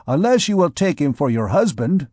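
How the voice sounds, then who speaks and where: A man's voice: a little high, sing-song, normal speed, warm tone, dry recording, clean studio sound. A man voicing a boisterous, mocking male king of beggars who calls out like an auctioneer in an audiobook. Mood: sly. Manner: showy auctioneer cries.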